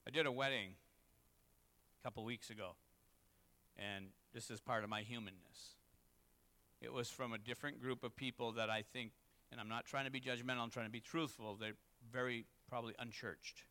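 A man's voice: mid-range voice, fairly even intonation, normal speed, pushed and bright. A man, a pastor, preaching a candid, confessional sermon that rises to emphatic peaks. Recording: long reverb in a hall.

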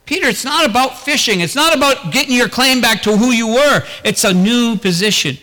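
A man's voice: very high voice, lively intonation, brisk, sharp tone, big-room sound. A man preaching a sermon as pastor, talking earnestly and putting rhetorical questions to the congregation.

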